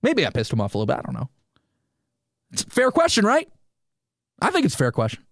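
This man's voice sits high and moves fast, recorded with studio quality and no room sound. He hosts a solo sports podcast like a sports radio host, ranting animatedly, firing off rhetorical questions and speaking directly to his listeners.

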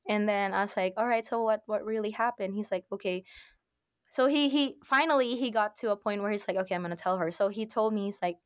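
A woman guest on a podcast tells a personal story in a chatty, animated way, acting out every line of the back-and-forth. Her voice sits in a middle range and sounds dry and close, with no room echo. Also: medium pitch, brisk. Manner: animated, quotes herself and others, frequent laughs. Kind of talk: casual storytelling.

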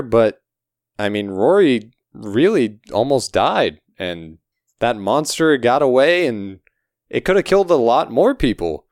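A male tabletop player speaks in character in a relaxed, plain-spoken way. His voice is smooth and resonant, and the sound is dry and close. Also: mid-range voice, dry recording.

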